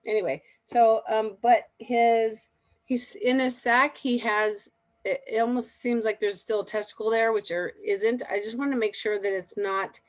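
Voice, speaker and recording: A woman's voice: on the high side, fairly even intonation, measured pace, no room sound. A woman calling in to a show, talking in a rambling, anxious way with many restarts. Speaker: caller. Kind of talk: casual phone-in chat.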